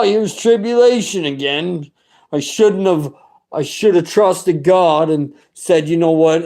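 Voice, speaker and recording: A man's voice: a little high, darkish tone. A middle-aged man giving a personal religious testimony, talking in an earnest, rambling and fervent way with many restarts.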